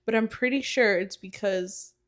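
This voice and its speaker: A woman's voice: medium pitch, normal speed. A young woman co-hosting a podcast with her sisters, telling a story in casual chat, acting out what people said and laughing often. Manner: animated storytelling, acts out quotes, laughs often. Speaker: podcast co-host.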